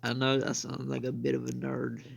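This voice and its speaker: Young male game streamer, very gravelly voice, loose rambling chatter, faint hiss behind. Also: medium pitch, monotone, moderate pace. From United States. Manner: rambling, repeats "I mean" and "bro". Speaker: gaming channel host. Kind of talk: casual gameplay commentary.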